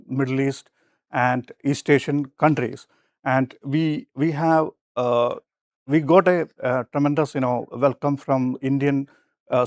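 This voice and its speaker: Hesitant man giving a sales pitch. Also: a little mellow, no room sound, clean studio sound. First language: not English. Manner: hesitant, many fillers. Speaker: sales and IT manager. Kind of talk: short business pitch. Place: festival lab presentation.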